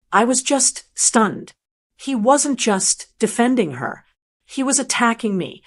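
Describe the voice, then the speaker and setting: A woman reading a first-person family drama aloud, measured and earnest. Her voice sits somewhat high, steady and composed through the telling. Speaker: narrator. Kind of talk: first-person story narration.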